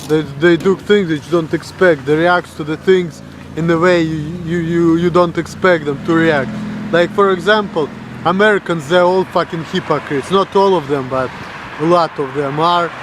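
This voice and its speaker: A young Russian man with a Russian accent rants bluntly and crudely on his vlog, mocking other people's voices in a profane tirade. His voice is fairly high and moderately paced, with a noisy background.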